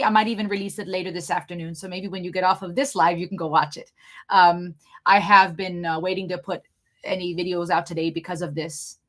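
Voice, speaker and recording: A young adult woman with a slight German accent, hosting a live Q&A in an excitable, fast-talking, chatty way. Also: fairly low pitch. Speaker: channel host doing a live Q&A. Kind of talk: casual live-stream chat.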